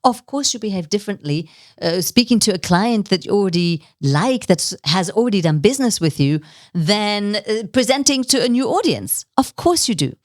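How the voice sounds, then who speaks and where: A woman leadership communication coach teaching to camera in an animated, playful way. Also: mid-range voice, dry recording, clean studio sound. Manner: animated and expressive, playful asides with laughs. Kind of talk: direct-to-camera teaching talk.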